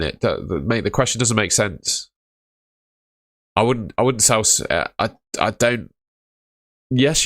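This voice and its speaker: Young male streamer, low voice, dry close sound, offhand and chatty. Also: a bit bright, dry recording. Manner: offhand, matter-of-fact, calls viewers mate. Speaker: fantasy football livestream host. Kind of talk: casual livestream chat reading viewer questions.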